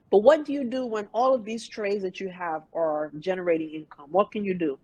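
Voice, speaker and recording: A woman in her fifties, a guest in a casual interview, telling her story in an emphatic, animated way. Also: medium pitch, brisk, hardly any pauses, lo-fi sound. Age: 50s. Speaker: interview guest, private pilot.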